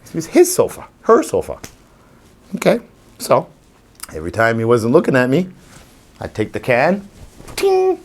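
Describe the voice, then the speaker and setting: A man's voice: medium pitch, moderate pace, long pauses. A man who trains dogs, talking informally to a live audience and acting out scenes with little voices. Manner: animated, acts out scenes with voices. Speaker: dog trainer.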